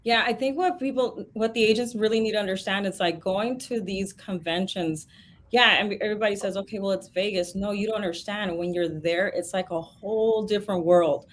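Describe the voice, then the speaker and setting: A woman's voice: medium pitch, brisk, slight background noise. A woman co-hosting a casual business chat, urging listeners to attend. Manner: encouraging, persuasive. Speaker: co-host of a real estate broker talk.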